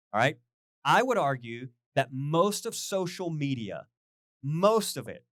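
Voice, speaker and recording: A middle-aged male pastor preaches in a loose, chatty way, often turning to his listeners with questions. His voice sits a little high for a man and swings widely in pitch. The sound is dry and close, with little room echo. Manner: animated, chatty, asks the crowd questions. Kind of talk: conversational sermon.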